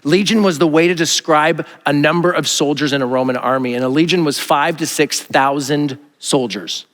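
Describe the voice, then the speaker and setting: A male pastor preaches a sermon in a conversational, joking manner, often acting out quotes in a raised voice. His voice is fairly high and a bit bright at a moderate pace, with long hall reverb from a large church sanctuary.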